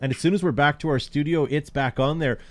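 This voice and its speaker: A man's voice: a little high, fast talker, dry recording. A man hosting a casual online chat show, greeting guests in a friendly, laughing way. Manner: friendly, laughing, welcomes callers. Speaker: host.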